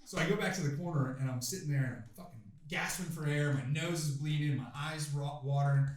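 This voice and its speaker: A man in his twenties, a guest on a podcast, tells a story in a casual, profane, animated way and acts out the quoted lines. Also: on the high side, fast talker. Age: 20s. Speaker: podcast guest, pro MMA fighter. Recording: roomy room, faint noise.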